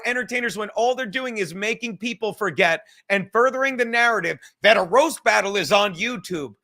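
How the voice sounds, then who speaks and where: A man's voice: sits high, pushed and bright. A man hosting a podcast, ranting heatedly with lots of swearing and rambling restarts. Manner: profane, heated, rapid rambling. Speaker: podcast host. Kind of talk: casual podcast rant.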